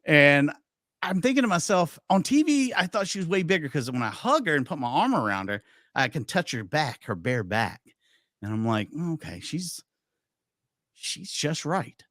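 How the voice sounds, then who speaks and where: A man's voice: on the high side, very animated, moderate pace, a bit bright, no room sound, studio quality. A man hosting a podcast, chatting casually and telling anecdotes with lots of quoted dialogue. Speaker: podcast host. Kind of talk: casual chat storytelling.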